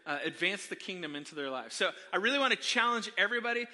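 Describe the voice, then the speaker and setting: A man's voice: high voice, fast talker. A middle-aged man preaching a sermon, telling funny stories about himself and talking straight to the congregation. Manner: animated, self-deprecating, talks to the congregation. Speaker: pastor. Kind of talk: sermon with personal storytelling. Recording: long hall reverb.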